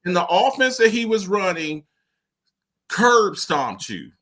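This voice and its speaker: A man with a high, bright voice talks sports with heat and emphasis. He hammers his points by saying them again and again, in a lively late-night show banter. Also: takes it slowly. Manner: animated, emphatic, repeats himself. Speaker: show regular. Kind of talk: heated sports talk.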